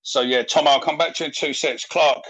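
A man's voice: medium pitch, fairly even intonation, a little fast, fairly bright tone, breathy edge. A man hosting a live football fan podcast, chatting casually with callers in an easygoing way with plenty of fillers. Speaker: podcast host.

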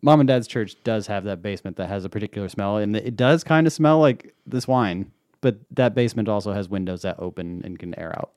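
Low-voiced man in relaxed podcast chat. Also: a little fast, few pauses, no room sound, clean studio sound. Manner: rambling, self-correcting storyteller. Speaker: podcast co-host. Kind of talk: casual chat over wine.

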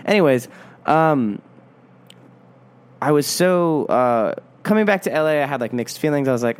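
A man's voice: fairly high pitch, expressive, normal speed, pauses often, smooth. Man hosting a podcast in put-on Irish accent. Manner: self-mocking, digressive, many fillers. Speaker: podcast host. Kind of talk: casual rambling podcast monologue.

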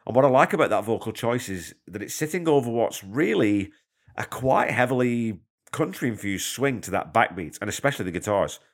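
Low-voiced man hosting a music podcast. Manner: chatty, enthusiastic, conversational with asides. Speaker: podcast host. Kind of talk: casual music commentary.

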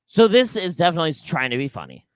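A man co-hosting a comedy podcast, riffing in a deadpan, drawn-out way in casual chat. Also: a little high, clean tone, no echo. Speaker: podcast co-host.

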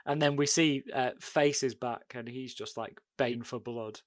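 A man's voice: mid-range voice, fairly even intonation, a little slow, dry recording, clean studio sound. A man co-hosting a casual film-review chat, playful and exclamatory, often baffled by the movie. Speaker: podcast co-host.

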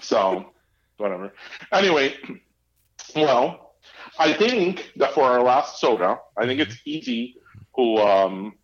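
Male home podcast co-host, mid-pitched, meandering, dull lo-fi sound. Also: sing-song, takes it slowly, pauses often. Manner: rambling, many fillers and restarts. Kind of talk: casual chat.

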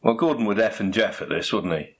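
Dry, sceptical man with a lowish voice. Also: expressive, fairly quick. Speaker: comedy straight man. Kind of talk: dry comedy chat.

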